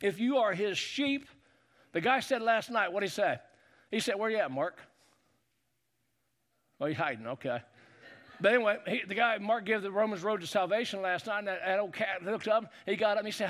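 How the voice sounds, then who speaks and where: A man preaching a sermon as pastor, calling on the congregation to answer and rising to shouts. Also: high voice, expressive, a little fast. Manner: preachy call-and-response, building to shouts.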